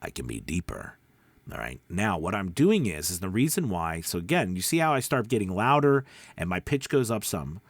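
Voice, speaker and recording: A man coaching voice-over in a relaxed video lesson, his low voice sinking deep and soft and then lifting again. He sits close to the mic in a dry room with no echo. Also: moderate pace. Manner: demonstrates pitch, drops deep and quiet then rises. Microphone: close studio mic.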